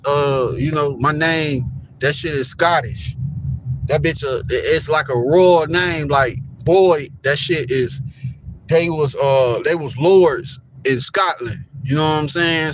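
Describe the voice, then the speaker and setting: A man's voice: on the high side, a bit bright, slight background noise. A man live-streaming casual commentary while driving downtown, rambling and repeating himself as he points things out to viewers. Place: inside a car driving downtown. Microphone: phone camera.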